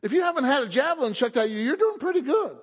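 A man's voice: very high-pitched, very animated, quick pace. A man preaching a sermon as pastor, fervent and calling out for amens, recorded in a church sanctuary. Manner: fervent preaching, calls for amen. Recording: echoey hall, dull lo-fi audio.

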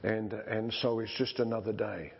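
A male pastor preaching a sermon in slow, conversational storytelling style with frequent restarts, in a dull lo-fi recording. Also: fairly low pitch, fairly even intonation, vocal fry, slightly rough.

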